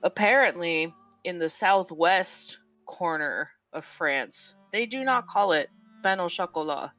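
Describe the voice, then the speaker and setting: A woman co-hosting a stream who talks slowly, with a lively rise and fall in her fairly low voice. She tells stories and laughs easily, and faint music plays behind her. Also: dry recording. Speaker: co-host. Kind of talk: casual stream chat.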